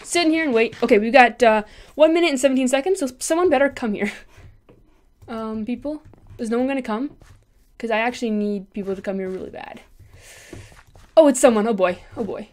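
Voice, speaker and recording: A woman with a high voice narrates her gameplay live. She is excitable, chattering to herself and taunting the other players as she goes. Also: fairly quick, pauses often. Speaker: gaming channel host.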